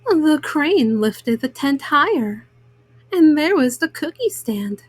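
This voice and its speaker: Woman storybook reader, gentle and very slow, bright-ish pitch. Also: big pitch swings, no room sound. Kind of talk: reading a picture book aloud.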